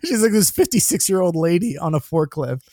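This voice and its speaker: A man co-hosting a casual podcast, telling animated stories, laughing often and swearing casually. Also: high-pitched, fairly quick, no room sound, studio quality. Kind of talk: casual chat.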